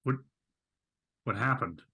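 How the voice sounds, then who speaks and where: A man's voice: mid-range voice, slow, creaky, bright, forceful tone, breathy edge. A man playing a tabletop game who cuts in with probing questions. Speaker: player. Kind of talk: casual tabletop play.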